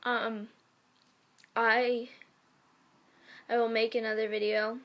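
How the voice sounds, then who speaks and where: A fairly high-voiced woman reads fan stories aloud in a casual way. She is sick with a sore throat. She often stumbles over her words and breaks off to react with gasps and sighs. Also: level tone, slow pace, a bit bright. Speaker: YouTuber reading fan fiction.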